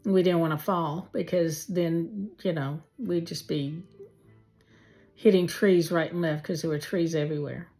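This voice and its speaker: A woman telling a heartfelt personal faith testimony, slowly and with many pauses. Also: fairly low pitch, fairly even intonation, mellow, faint music behind. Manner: slow, heartfelt storytelling with pauses. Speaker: testimony speaker.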